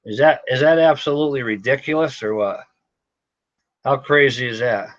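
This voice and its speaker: A man's voice: medium pitch, moderate pace, a bit bright. A man hosting a casual livestream, talking to viewers in a frustrated, repetitive, muttering way. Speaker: gun shop livestream host. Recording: slightly dull lo-fi sound.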